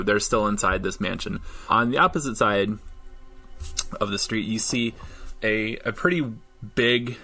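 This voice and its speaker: A man's voice: on the low side, pushed and bright. A man narrating a tabletop role-playing game as dungeon master in a loose, hesitant way. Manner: casual, hesitant with many fillers.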